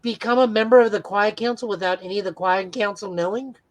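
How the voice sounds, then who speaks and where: A man's voice: high-pitched, fast, poor audio. A man co-hosting a casual podcast, talking at length in an enthusiastic, rambling way. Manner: rambling, enthusiastic fan talk. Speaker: podcast co-host.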